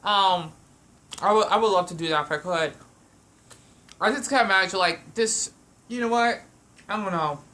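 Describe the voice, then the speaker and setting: A woman's voice: medium pitch, moderate pace, pauses often, fairly bright tone. A woman vlogging at home while she eats, talking in a meandering way with frequent restarts and fillers. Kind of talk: rambling eating vlog.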